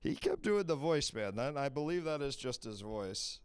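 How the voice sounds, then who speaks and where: Male stream host, casual and rambling, smooth voice in a dry room. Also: medium pitch, big pitch swings, normal speed, no echo. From Washington, D.C. area. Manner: loose, rambling, swears freely. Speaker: livestream advice show host. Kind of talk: casual live-stream chat.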